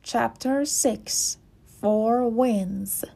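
A woman narrating a children's storybook in a gentle read-aloud manner. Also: fairly high pitch, extremely slow, vocal fry, breathy edge.

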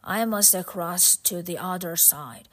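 A woman's voice: lowish voice, slow pace, fairly bright tone. A woman reading the lines of a devoted young male musician in an earnest, pleading way.

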